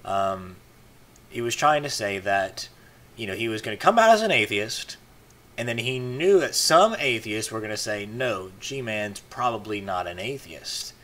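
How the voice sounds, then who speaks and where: A man's voice: mid-range voice, sing-song, moderate pace, bright, forceful tone. A man talking to camera in a casual monologue, rambling with many fillers and restarts. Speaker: video blogger.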